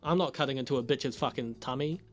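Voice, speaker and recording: A man's voice: medium pitch, quick pace. A man giving a casual, profane recap of a TV episode, laughing often and acting out lines from the characters. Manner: profane, laughing, animated retelling with acted quotes. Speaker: video reviewer.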